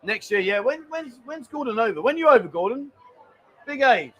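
A man with a rather high voice hosts a casual live stream from a busy bar. He chats loosely, cracks jokes and reads out viewers' messages. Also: sing-song, moderate pace, fairly bright tone, slight background noise.

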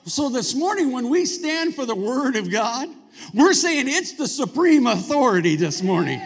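A man's voice: very high voice, very animated, moderate pace. A male pastor preaching a sermon in a church, talking conversationally and prompting the congregation to answer back. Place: church sanctuary. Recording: long reverb of a large hall.

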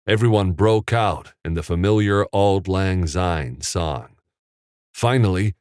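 A man reading an audiobook chapter in a measured, even storytelling manner. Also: sits low, dry recording. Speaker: audiobook narrator. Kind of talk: scripted audiobook narration. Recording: dry, close.

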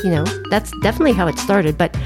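A woman's voice: on the low side, animated, rapid-fire, music in the background. A woman co-hosting a podcast, chatting casually in a bubbly, jokey way. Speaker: podcast co-host. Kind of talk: casual chat.

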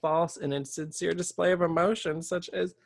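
A man's voice: a little high, fairly even intonation, normal speed, gravelly, dry recording. A man co-hosting a casual podcast chat, campy and playful, calling listeners honey. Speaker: podcast co-host.

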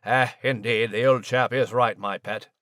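In clean studio sound with no echo, a man serves as podcast host and announcer, jovial and teasing in playful banter. His mid-range voice is fairly bright, with fairly even intonation and normal speed.

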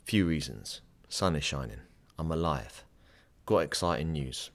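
Upbeat man in his thirties, very deep voice. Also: expressive, unhurried. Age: 30s. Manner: upbeat, chatty, rambling. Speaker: podcast host. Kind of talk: casual podcast intro. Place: home podcast studio.

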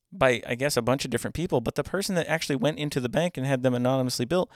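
A man's voice: on the high side, no room sound, clean studio sound. A man co-hosting a podcast in casual chat, talking emphatically and asking pointed questions. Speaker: podcast co-host.

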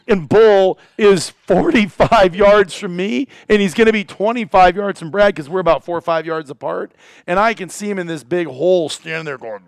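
A man excitedly telling a hunting story in casual chat, acting out quotes and swearing now and then. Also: high-pitched, moderate pace, vocal fry, dry recording. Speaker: hunting guide and cameraman.

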